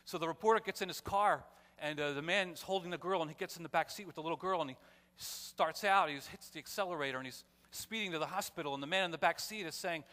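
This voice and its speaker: Bright-voiced pastor preaching in a church. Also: male voice, fast. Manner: swings between loud emphatic calls and quiet, low storytelling. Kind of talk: sermon. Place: church sanctuary. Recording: long church hall reverb.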